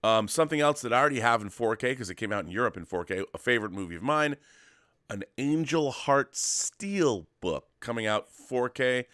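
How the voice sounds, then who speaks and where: A man's voice: medium pitch, lively intonation, a little fast, fairly bright tone, no room sound, clean studio sound. A man co-hosting a weekly talk show in casual chat, enthusiastic and rambling, with many restarts. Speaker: co-host of a weekly show about physical media. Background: dog at his feet.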